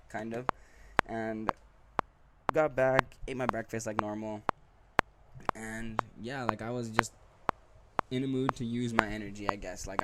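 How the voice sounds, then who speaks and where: A young man telling a rambling, profane story in casual monologue, full of fillers and restarts. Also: on the low side. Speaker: podcast host. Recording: loud background noise.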